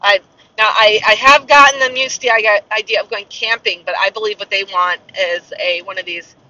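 With a steady tone, a mid-range voice that's a little fast and pushed bright, this forty-something woman podcasts casually as she drives a country road. She wanders from tangent to tangent about things outside the car. The distant recording is dull and muffled, with a little hiss or hum.

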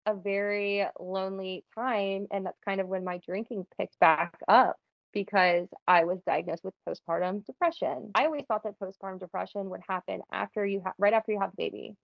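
A woman's voice: mid-range voice, creaky, no echo, muffled recording. A young woman telling her personal faith testimony in a casual, earnest way, often saying "like". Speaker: guest sharing testimony.

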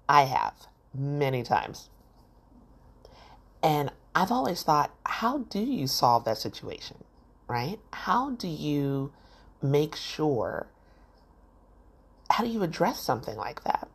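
Woman podcaster, really low voice, chatty storyteller who acts out the quotes. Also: slightly rough. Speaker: podcast host. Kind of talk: solo podcast talk.

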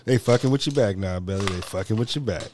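A man's voice: on the low side, quick pace, noisy background. A man hosting a podcast in a studio, reacting with profane disbelief and mocking what others say. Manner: incredulous, profane reactions, mocking put-on quotes. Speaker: podcast host. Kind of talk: crude casual banter. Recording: dry studio.

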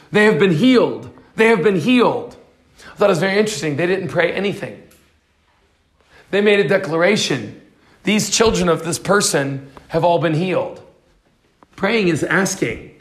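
A man's voice: on the high side, expressive, normal speed. A man preaching a sermon, reading scripture aloud and then explaining it. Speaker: pastor.

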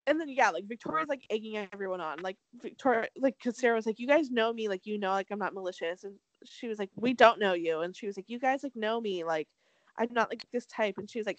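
A young woman talks fast and animated as she recaps a dating show, swearing freely and acting out what the cast said. Her voice sits a little high and swings widely in pitch. The sound is dry and close. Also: no room sound, poor audio. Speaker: podcast co-host. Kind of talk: casual chat recapping a reality dating show.

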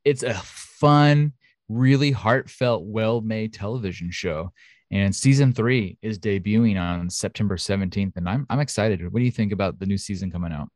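A man with a lowish voice chats eagerly as a podcast co-host, piling on fillers as he goes. The recording is close and dry, with no room sound. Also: moderate pace, darkish tone, no room sound. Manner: chatty, enthusiastic, lots of fillers. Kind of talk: casual chat. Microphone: home studio mic.

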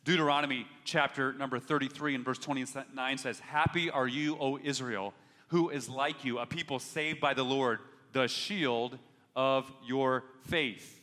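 Delivering a sermon in a long, reverberant hall, this male pastor speaks a little slowly with a steady, medium-pitched voice that is bright and forceful. His earnest tone grows stronger as he urges, and he often starts his phrases over.

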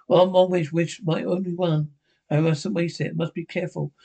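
Grieving desperate widow read by a man, pleading, raised gravelly voice, audiobook-style reading. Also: fairly high pitch, level tone, normal speed, mellow.

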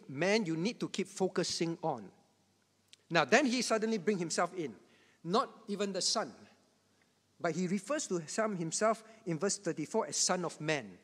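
A man pastor teaching the Bible to a congregation, with a repetitive, emphatic delivery and chuckling asides. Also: high voice. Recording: long hall reverb.

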